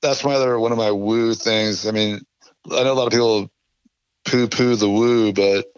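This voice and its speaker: Low voiced dude rambling thru a story, lots of ums and likes, dull dry lo-fi audio. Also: male voice, moderate pace, smooth, no echo. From California. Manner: rambling, filler-heavy, animated anecdotes. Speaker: guest. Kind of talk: casual storytelling chat.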